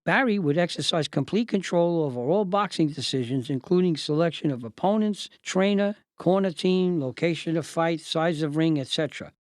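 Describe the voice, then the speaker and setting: An older man hosting and narrating a memoir story in a measured, deliberate, lawyerly way. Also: on the high side, dry recording. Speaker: host and narrator.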